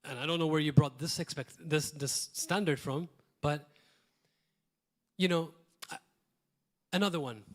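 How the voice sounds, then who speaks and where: A man from Malta preaching a sermon in a church, earnest, asking rhetorical questions and swinging between loud emphasis and quiet asides. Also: a little high, a little slow, long pauses. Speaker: pastor.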